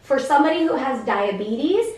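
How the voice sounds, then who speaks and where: A woman in her thirties explaining things to a class of children, in an animated, sing-song, teacherly way with many questions. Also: high voice, normal speed. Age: 30s. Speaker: guest speaker in a special education class. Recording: echoey classroom, voice from far off.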